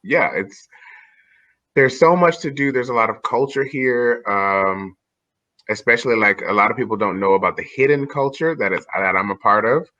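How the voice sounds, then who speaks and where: Lively Southern American man on a call. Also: mid-range voice, normal speed, dry recording. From United States, Georgia. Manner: enthusiastic, laughs often. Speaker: online English tutor. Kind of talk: casual video-call chat. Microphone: video call. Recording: dull lo-fi video call audio.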